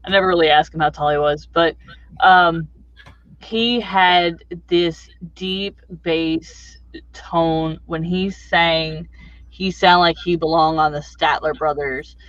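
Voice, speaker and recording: A man's voice: fairly high pitch, steady tone, takes it slowly, fairly bright tone, no echo. A man chatting casually, telling rambling, folksy stories full of fillers, on a dull home mic. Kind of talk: casual chat.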